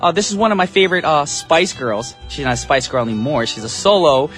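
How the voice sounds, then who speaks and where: A man's voice: on the high side, animated, a little fast, fairly bright tone, soft background music. Upbeat chatty male radio DJ. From United States. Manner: upbeat, chatty, self-joking. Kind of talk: morning radio show chat. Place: radio studio.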